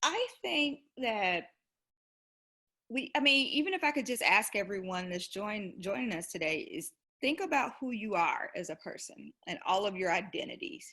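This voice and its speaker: A woman guest speaker with a bright, husky voice talks earnestly in a fireside chat. She keeps it conversational, leaning on "you know," heard over a video call. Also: medium pitch, big pitch swings, moderate pace.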